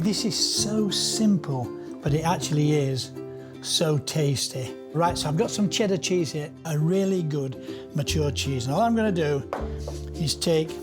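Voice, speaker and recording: An older man demonstrating a recipe, explaining each step plainly. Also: on the high side. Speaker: chef. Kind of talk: cookery demonstration. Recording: guitar music underneath.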